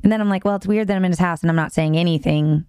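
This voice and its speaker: A young woman with a slightly low, smooth and clear voice tells a story on a podcast. She talks quickly and with animation and laughs often. The sound is dry and close, with no room echo. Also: warm tone. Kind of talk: casual storytelling chat.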